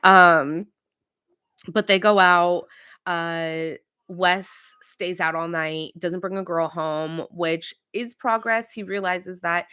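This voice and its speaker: A woman's voice: fairly low pitch, steady tone, slow, pushed and bright, clean tone. A woman in her thirties casually recapping a reality show as podcast host, chatty and opinionated with many fillers.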